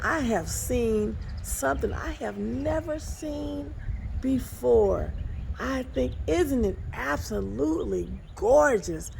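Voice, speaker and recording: A woman's voice: sits high, lively intonation, slow pace, gravelly, darkish tone, a little hiss or hum. A woman apostle giving a casual devotional talk to her phone camera outdoors by the water, folksy and exclamatory, calling listeners honey and y'all. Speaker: apostle and ministry overseer. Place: outdoors by water behind an apartment complex. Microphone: phone camera, self-filming.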